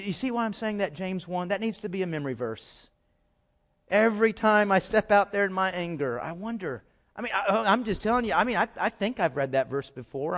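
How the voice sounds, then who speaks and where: A middle-aged man preaching a sermon, swinging from loud, emphatic outbursts to quiet, low asides and often repeating words as he stresses a point. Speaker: pastor.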